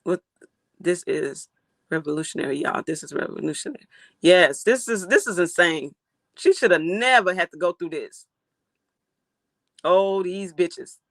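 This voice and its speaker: Livestream host, outraged reaction commentary, gravelly and sharp-toned, dry close sound. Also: mid-range voice, moderate pace, no echo. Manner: animated, outraged, swears freely.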